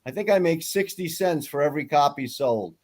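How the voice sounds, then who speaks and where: A man, a fly fishing guide and author, chatting casually on a podcast in an animated, self-mocking way. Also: on the high side, fairly quick.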